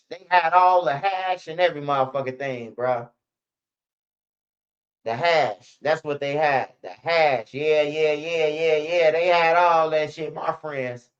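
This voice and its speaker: A man's voice: fairly high pitch, takes it slowly, highs cut off. A young man, telling stories in a rambling, slang-heavy, profane way as a channel host. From Chicago. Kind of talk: casual storytelling commentary.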